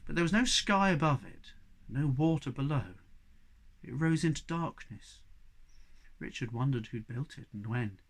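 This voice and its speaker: A man reading a novel aloud as audiobook narration, measured and expressive, at a middling pitch. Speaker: reader.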